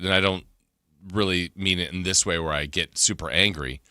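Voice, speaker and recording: A man co-hosting a sports radio show, telling stories in an animated, casual way. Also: deep voice, a little fast, clear, resonant tone, no echo, studio quality. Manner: animated storyteller, gasps and laughs while telling. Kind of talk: casual chat. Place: radio studio.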